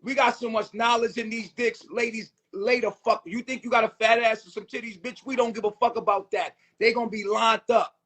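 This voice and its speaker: High-pitched husky dude ranting loud and vulgar, random shouting bursts. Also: male voice, fairly even intonation, a little fast, few pauses. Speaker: streamer. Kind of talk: crude ranting live chat.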